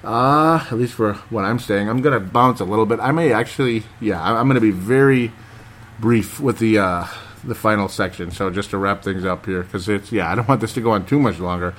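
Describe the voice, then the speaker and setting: A man hosts a casual sports talk show, reading listener comments and chatting in a rambling, hesitant way full of fillers. His voice is on the low side and a bit bright, and he talks fairly quickly.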